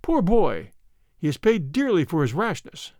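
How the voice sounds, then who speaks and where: A man voicing a scheming young stepmother in an audiobook reading, soft and coaxing. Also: sits high, very animated, moderate pace, no echo, studio quality. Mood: sharp. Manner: soft, coaxing, then sharp.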